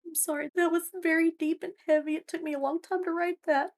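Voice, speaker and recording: A woman's voice: very high-pitched, steady tone, brisk. A woman guest on a faith podcast speaking earnestly and reflectively about her own life in long, image-filled answers. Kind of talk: personal testimony in interview.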